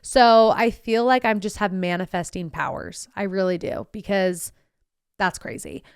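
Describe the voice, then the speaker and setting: With a creaky yet smooth mid-range voice, a little slow, a young woman hosts a podcast and tells a sarcastic, bubbly, chatty story. She gives the people she quotes, herself included, animated voices, and the audio is studio quality without room sound.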